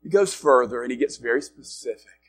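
A male pastor preaching a sermon in a conversational way, rising loud and dropping quiet to make his points. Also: mid-range voice, expressive, fairly quick. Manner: conversational preaching with wide swings in loudness.

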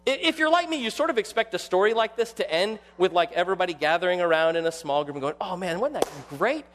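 Male pastor, sermon, lively preaching, high-pitched, long hall reverb. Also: quick pace, slight background noise. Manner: animated preaching, acts out quoted voices.

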